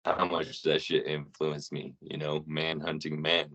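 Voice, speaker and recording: Man, very deep voice, podcast co-host, loose profane storytelling, muffled sound. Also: completely flat delivery, measured pace, a bit bright. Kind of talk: casual podcast chat. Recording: dull lo-fi audio.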